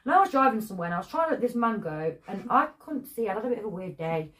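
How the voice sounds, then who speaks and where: A woman co-hosting a podcast, telling stories fast and expressively with some swearing. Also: medium pitch, big pitch swings, a bit bright. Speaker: podcast co-host. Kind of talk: casual chat.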